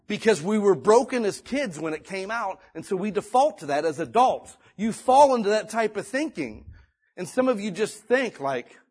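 A man's voice: sits high, very animated, moderate pace, a little mellow, husky. A male pastor preaching a conversational sermon, reading scripture and building to emphatic exhortation.

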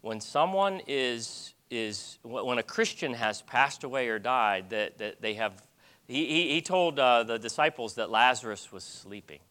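Animated, bright-voiced male preacher. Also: medium pitch, a little slow, smooth. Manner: animated preaching with many restarts. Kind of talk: sermon.

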